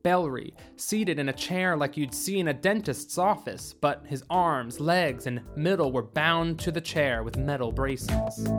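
A man reads a science fiction story aloud as its narrator. His delivery is steady and deliberate. His voice sits a little high for a man. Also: faint music behind.

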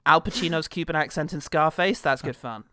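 A man's voice: a little high, a little fast, sharp tone, clean tone, dry recording, clean studio sound. A man co-hosting a comedy podcast, riffing in casual chat with mock indignation. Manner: joking, mock-indignant riffs. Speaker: podcast co-host.

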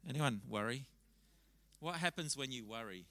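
A man preaching a sermon at a church service, talking conversationally and telling stories with lively restarts. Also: mid-range voice, moderate pace, low-quality recording. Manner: conversational, animated storytelling with frequent restarts. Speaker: pastor.

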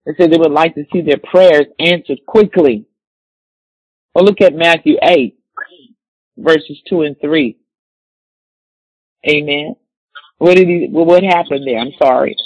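A man preaching a sermon, reading scripture slowly and repeating key words for emphasis. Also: on the high side, a little mellow, breathy edge, no room sound, rough recording.

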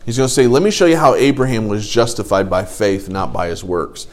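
A man teaching an adult Bible study, lively and animated, often acting out quoted voices. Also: a little fast. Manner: animated, acts out quoted voices with rising pitch.

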